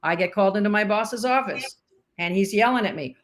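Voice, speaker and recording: A medium-pitched woman talks a little fast as she tells stories in a casual interview. She is older, formerly a sportscaster and umpire, and animatedly acts out the dialogue she quotes.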